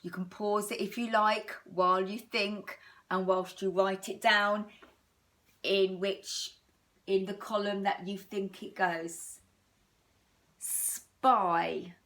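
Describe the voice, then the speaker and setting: An English woman teacher talks young children through a recorded phonics lesson. She speaks very slowly in a sing-song, encouraging way and draws words out. Her voice sits at an ordinary middle pitch. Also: steady tone, fairly bright tone. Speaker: primary school teacher.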